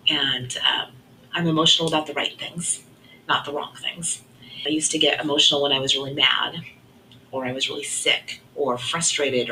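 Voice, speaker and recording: A middle-aged woman gives a personal faith testimony in an earnest, reflective tone. Her voice sits low but has a bright, forceful edge. Her sentences often fade to a soft finish. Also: slight background noise, poor audio. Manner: earnest, reflective, softly trailing off. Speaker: guest sharing her testimony.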